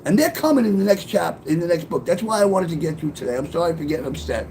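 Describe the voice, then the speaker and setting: A man's voice: a little high, lively intonation, quick pace, darkish tone, a little hiss or hum. A middle-aged man telling a personal testimony, rambling, swearing and breaking into tearful outbursts. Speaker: author telling his life story.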